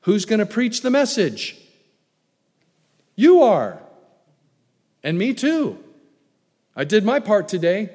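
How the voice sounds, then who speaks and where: Booming preacher in a reverberant hall. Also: male voice, very animated, slow, long pauses. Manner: preaching with wide swings in loudness, booming then dropping low. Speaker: pastor. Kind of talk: sermon. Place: church sanctuary. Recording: long reverb of a large hall.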